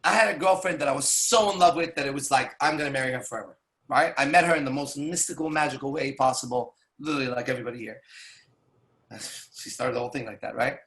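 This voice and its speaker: A man telling profane, animated stories to a small audience as a seminar speaker. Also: medium pitch, fast talker, echoey room. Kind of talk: storytelling to a live audience.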